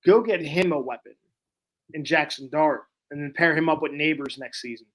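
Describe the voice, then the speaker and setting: Blunt, opinionated young man, pitched up. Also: normal speed, a bit bright. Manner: blunt, opinionated, trash-talking. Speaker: podcast co-host. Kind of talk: casual sports chat.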